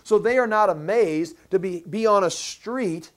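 A man with a high, light voice for a man preaches a sermon, walking through a scripture passage. He explains each point emphatically and slows right down on the words he wants to land. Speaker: pastor. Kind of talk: sermon, verse-by-verse Bible teaching.

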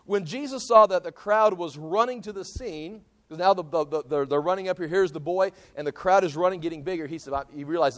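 Man preaching through scripture, a bit high. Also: a little fast. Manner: conversational, repeats words while thinking aloud, reads scripture aloud. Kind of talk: Bible teaching sermon.

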